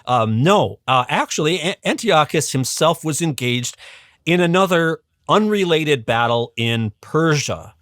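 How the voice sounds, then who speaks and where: A man, a podcast guest and religious educator, telling a history in a casual, animated way, with frequent ums and restarts. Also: fairly high pitch, unhurried, dry recording, studio quality. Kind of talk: casual storytelling explanation.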